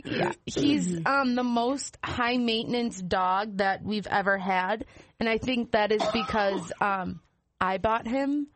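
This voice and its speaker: A woman's voice: mid-range voice, takes it slowly, background noise. A woman, a teacher, co-hosting a casual family podcast and telling stories with animation.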